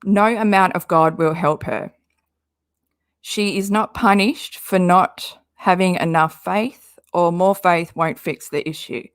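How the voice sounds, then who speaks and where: A woman's voice: on the low side, slow pace, no echo, clean studio sound. A woman doing casual commentary, reading social media posts aloud with an exasperated, rambling manner and frequent swearing. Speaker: commentary YouTuber.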